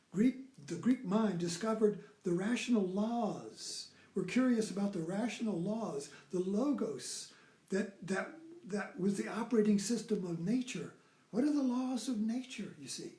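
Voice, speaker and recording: A man's voice: high voice, expressive, unhurried, mellow, roomy sound. A man giving a rambling, informal lecture who keeps repeating "you see.".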